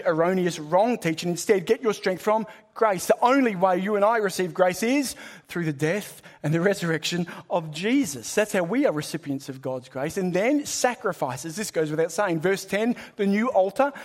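A man preaching a sermon, swinging between loud emphasis and hushed lines and repeating phrases for rhythm. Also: high voice.

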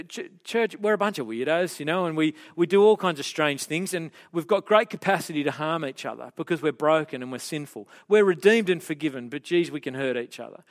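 A middle-aged man preaches in an easy, conversational way, trading jokes at his own expense with the congregation. His voice sits somewhat high for a man, and he stumbles and restarts as he talks. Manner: conversational, self-deprecating, many restarts and asides. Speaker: pastor. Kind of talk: sermon.

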